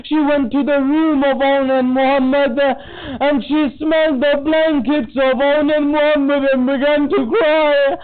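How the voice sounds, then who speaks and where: A man delivers a mourning sermon in a very high, strained register, his narration swelling into a wailing, tearful chant. The recording is thin and tinny, as if heard over a phone line, with the low end cut away. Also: level tone, unhurried. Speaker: majlis speaker. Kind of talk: mourning sermon with lamenting recitation. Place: community centre hall.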